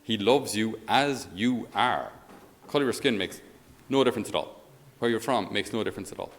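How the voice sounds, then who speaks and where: An Irish man speaking as a priest in a conversational homily. He is a lively storyteller who often chuckles as he talks. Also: lowish voice, brisk, creaky. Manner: animated storyteller, chuckles while talking.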